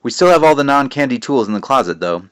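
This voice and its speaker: A man's voice: mid-range voice, lively intonation, quick pace, clear, resonant tone, no room sound, studio quality, voice pushed up, natural voice. Man doing a sarcastic young princess. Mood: bossy. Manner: sarcastic, bossy.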